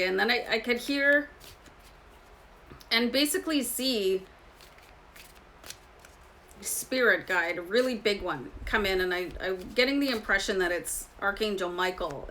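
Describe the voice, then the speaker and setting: A woman's voice: medium pitch, bright, forceful tone, slight background noise, poor audio. A woman giving a casual tarot reading to camera, chatty and confiding, talking straight to her viewers. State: slight throat irritation. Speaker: tarot reader.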